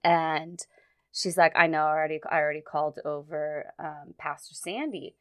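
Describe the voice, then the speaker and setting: Woman, low voice, smooth, dry close sound, casual storytelling, halting with fillers. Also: steady tone, dry recording. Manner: halting, many fillers and restarts. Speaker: guest recounting a personal story.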